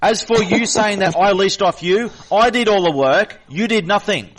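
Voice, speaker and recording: A man's voice: sits high, normal speed, low-quality recording. A man hosting a voice chat, insistently lecturing and repeating himself in a heated argument.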